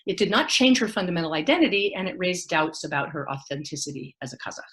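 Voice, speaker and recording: Woman giving a lively academic talk. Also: fairly low pitch, fast talker. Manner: reads from a prepared text with occasional fillers. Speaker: academic speaker. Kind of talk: academic lecture. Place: online talk.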